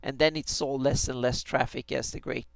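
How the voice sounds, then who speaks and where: A man's voice: medium pitch, flat delivery, normal speed, vocal fry, no echo. A man thinking aloud on a live stream as he draws a fantasy map, hesitant, with many restarts. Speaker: fantasy map maker streaming his work.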